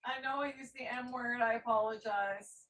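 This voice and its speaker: A woman with a slightly high voice explains things in a calm, matter-of-fact way. She chats casually as co-host of a livestream. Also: moderate pace, rough recording.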